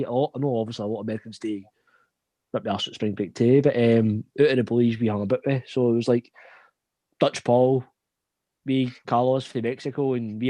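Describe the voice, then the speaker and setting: A man's voice: mid-range voice, darkish tone, no room sound. A young man with a Scottish accent, telling a long laughing anecdote in casual chat, swearing freely. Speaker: podcast host.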